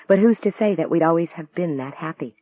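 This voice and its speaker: A man reading the lines of a gentle, wistful woman novelist in a soft, earnest voice, raising his pitch for her. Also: a little fast, no room sound, lightly acted. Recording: dry, tinny phone-like sound.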